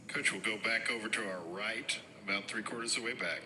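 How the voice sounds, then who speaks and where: A man moderating a press conference, briskly calling on reporters in the room. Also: on the low side, bright, forceful tone, slight background noise. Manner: brisk, directing.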